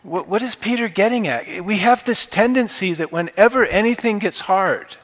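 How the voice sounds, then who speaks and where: A man's voice: high voice, moderate pace, fairly bright tone, big-room sound. A man preaching a sermon as pastor, talking conversationally and rising now and then into emphatic bursts. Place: church sanctuary.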